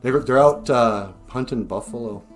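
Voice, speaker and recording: A man's voice: medium pitch, normal speed, soft background music. A man from an Ojibwe community retelling a story in a loose, chatty, joking way with laughing asides. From Ojibwe community, North America. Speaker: storyteller, host. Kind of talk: comic storytelling.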